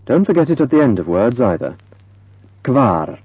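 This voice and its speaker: Male language tutor, lively intonation, dull dry lo-fi tape sound. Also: mid-range voice, breathy edge, no room sound. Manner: slow, careful, modeling words for repetition. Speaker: language teacher. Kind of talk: scripted pronunciation lesson.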